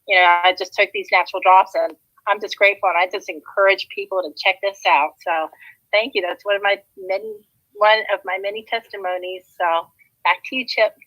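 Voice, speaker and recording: A woman's voice: mid-range voice, steady tone, a little fast, pushed and bright, no room sound, poor audio. A woman from Atlanta, a nurse, telling a long personal product testimonial in a chatty way with many fillers and restarts. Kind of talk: casual testimonial.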